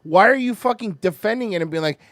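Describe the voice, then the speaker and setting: Loud, swearing podcast host from Florida, lively, higher voice, dry sound. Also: male voice, fast, no room sound. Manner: loud, animated, mocking, swears constantly. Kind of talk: profane comedic rant.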